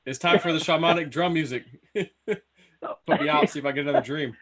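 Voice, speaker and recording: A relaxed man in casual chat who tells a story at an easy pace and chuckles along. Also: a little high, moderate pace, a crowd in the background. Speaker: co-host.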